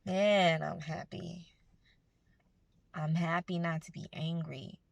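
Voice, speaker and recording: Low gravelly-voiced woman giving pep talk. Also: steady tone, slow pace, dry recording. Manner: earnest, conversational, spiritual encouragement. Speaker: self-help vlogger. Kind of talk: casual motivational talk to camera.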